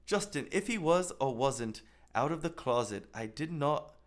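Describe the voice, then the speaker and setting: A man's voice: fairly high pitch, moderate pace. A man hosting a podcast, ranting with lots of swearing and reading social media posts aloud in a mocking tone. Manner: profane, animated ranting. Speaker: podcast host. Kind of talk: casual commentary.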